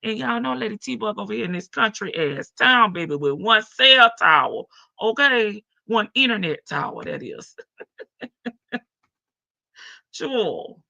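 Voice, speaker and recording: A woman's voice: mid-range voice, sing-song, normal speed, creaky, pushed and bright, no echo, muffled recording. A woman with a heavy morning voice, hosting a casual live stream from her front porch and greeting viewers by name.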